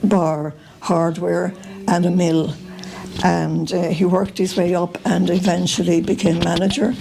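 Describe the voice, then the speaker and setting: Older Irish woman, low gravelly voice, meandering storyteller with lots of "uh" and "um". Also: flat delivery, a little slow, noisy background. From Ireland. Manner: meandering, full of uh and um. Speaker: reunion guest telling family stories. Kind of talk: casual storytelling to camera.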